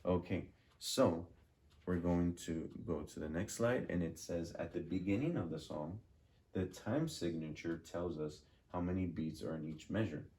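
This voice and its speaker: A man's voice: sits low, dark tone. A man teaching a music lesson, patiently drilling rhythms and asking questions. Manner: slow, patient, repeats and drills words.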